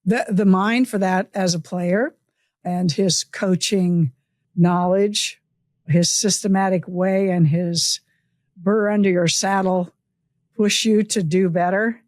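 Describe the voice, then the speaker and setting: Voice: medium pitch, steady tone, slow, a little mellow, no room sound, studio quality. An interviewer and former coach, reminiscing casually and asking about a guest's career, often laughing.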